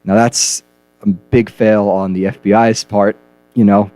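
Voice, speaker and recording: Low-voiced deadpan radio co-host. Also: male voice, unhurried, clear, resonant tone, no echo, faint music behind. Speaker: comedy radio news co-host. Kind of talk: comedic news banter.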